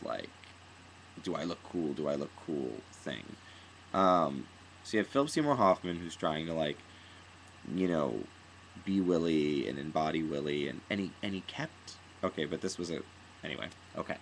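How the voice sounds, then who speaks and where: A man with a notably deep voice talks through an opinionated theater review, rambling and restarting his sentences. He now and then acts out lines in an exaggerated voice. A faint hiss sits under the recording. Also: lively intonation, moderate pace, gravelly, low-quality recording. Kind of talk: casual spoken review.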